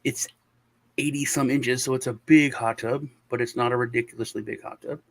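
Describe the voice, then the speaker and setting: A man's voice: medium pitch, steady tone, a little fast, a bit bright. A man hosting a show, telling a long story in casual chat over a video call, with lots of restarts and sighs. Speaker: show host.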